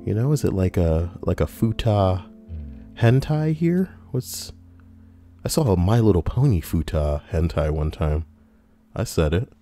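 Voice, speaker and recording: A man's voice: sits low, animated, a little slow, mellow, soft background music. A man streaming casual commentary while reading online posts, rambling with crude, sarcastic asides.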